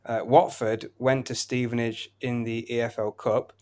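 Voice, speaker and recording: Brisk man running through betting picks. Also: mid-range voice, little pitch movement, a little mellow. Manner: brisk, listing results and prices in flowing runs. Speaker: betting podcast co-host. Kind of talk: casual betting tips chat.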